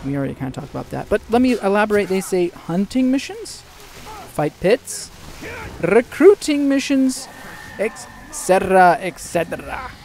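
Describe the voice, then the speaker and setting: A man hosting a casual game news show, excitable and jokey, tossing in quick asides. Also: sits high, gravelly. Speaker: gaming news host.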